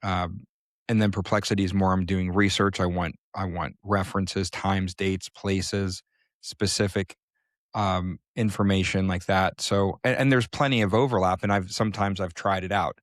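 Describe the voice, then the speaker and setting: A man co-hosting a casual podcast, explaining at length and thinking aloud with frequent pauses. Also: sits low, steady tone, dry recording, clean studio sound. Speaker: podcast co-host.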